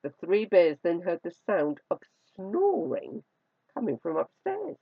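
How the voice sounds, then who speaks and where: A storyteller reading a fairy tale aloud in an expressive, drawn-out way, on a dry, dull recording. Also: mid-range voice, vocal fry, husky, no echo.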